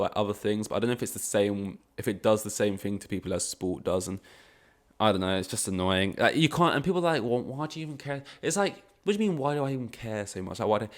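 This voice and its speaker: A young man talks alone on his podcast in a loose, rambling way. His voice sits on the low side, and he often stops mid-thought to correct himself. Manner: rambling, self-correcting, frustrated asides. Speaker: podcast host. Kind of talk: casual solo podcast chat.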